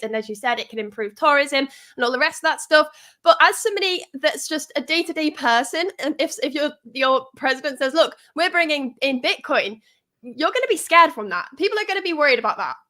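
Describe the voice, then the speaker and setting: A woman's voice: high-pitched, sharp tone. A woman with a Northern English accent co-hosting a casual crypto news live stream, chatty with frequent restarts. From Northern England. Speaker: crypto news show co-host.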